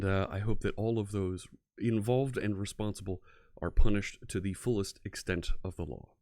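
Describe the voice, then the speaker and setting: A man's voice: fairly low pitch, a little mellow, no echo, clean studio sound. A man from near Philadelphia with an American accent, hosting a casual live-coding stream and chatting with viewers. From United States, near Philadelphia. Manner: chatty, greets viewers, laughs easily. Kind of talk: casual livestream chat.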